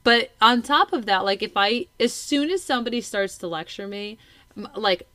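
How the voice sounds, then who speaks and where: Thirtysomething mom chatting away, lively, acts out the kids' lines, dry close sound. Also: female voice, mid-range voice, moderate pace, no echo. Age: 30s. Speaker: podcast co-host, mother. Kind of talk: casual chat.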